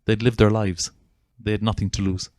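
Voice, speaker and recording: A Northern Irish man speaks in a lowish, dry voice with no room sound. He is an earnest, persuasive storyteller, a therapist making his case in conversation. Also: flat delivery, moderate pace, a little mellow, no room sound. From Northern Ireland (Armagh). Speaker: guest, Gestalt psychotherapist.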